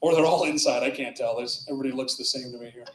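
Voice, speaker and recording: A man's voice: mid-range voice, steady tone, racing, slight background noise. A man doing a loose, rambling stand-up set with crowd work in a small club, often laughing at his own jokes. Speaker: stand-up comedian. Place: small club with live audience. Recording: echoey club room.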